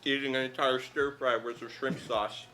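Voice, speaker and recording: A man's voice: mid-range voice, flat delivery, normal speed, pushed and bright. A man guesting on a casual charity stream chat, explaining ideas thoughtfully and at length with many "like" fillers. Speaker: guest video essayist.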